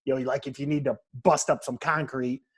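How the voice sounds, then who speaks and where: Husky-voiced man rambling in casual chat. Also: medium pitch, a little fast. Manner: rambling, restarts, relaxed slang. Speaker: podcast co-host.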